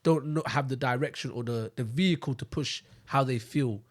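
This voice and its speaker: A young man, co-hosting a casual podcast and making his points emphatically. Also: mid-range voice. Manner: rapid, emphatic, slang-heavy. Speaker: podcast co-host. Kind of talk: casual chat.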